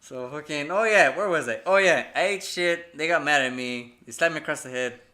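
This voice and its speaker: Young guy, high bright voice, profane rambling storyteller, podcast co-host. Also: brisk. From part Mexican family. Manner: profane, rambling, acts out quotes. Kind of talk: casual storytelling among friends.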